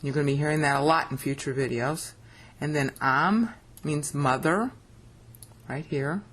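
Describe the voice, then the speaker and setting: Low-pitched and a bit bright, this woman's voice moves at a normal speed. As a Bible teacher on a screen share, she walks through scripture step by step, stressing key points and frequently making sure her listener keeps up.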